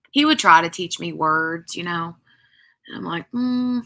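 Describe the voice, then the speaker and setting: Woman, craft live-stream host, unhurried rambling chat, lowish bright voice. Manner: chatty and rambling, full of "like" and "um". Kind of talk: casual live-stream chat, answering viewers.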